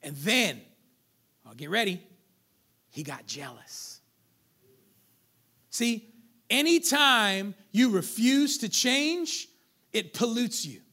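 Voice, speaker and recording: A man preaching a sermon as pastor, swinging between loud peaks and hushed drops and acting out quoted voices in conversational asides. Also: high-pitched, sing-song, slow pace, pauses often.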